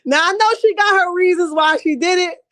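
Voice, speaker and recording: A woman recapping a reality show in a lively, laughing, slangy way, chatting with her live viewers and calling them honey and baby. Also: very high-pitched, moderate pace, no room sound, clean studio sound. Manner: animated, laughing storyteller, slangy and blunt; calls her viewers 'baby', 'honey' and 'child'. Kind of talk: casual recap chat, reading live chat.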